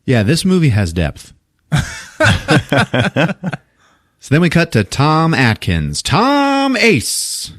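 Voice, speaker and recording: A man's voice: fairly high pitch, wildly swooping pitch, takes it slowly, long pauses, no room sound, clean studio sound. A man casually recapping a film on a podcast, acting out the characters' lines, laughing often and swearing freely. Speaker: podcast host.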